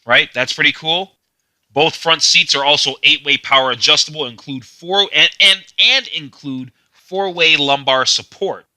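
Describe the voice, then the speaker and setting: A man's voice: on the high side, measured pace, bright, forceful tone, dry recording, rough recording. A man casually walking through a car's feature page, reading text aloud and adding loose asides, with some stumbles and repeated words. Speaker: car review narrator. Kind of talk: casual screen-share walkthrough.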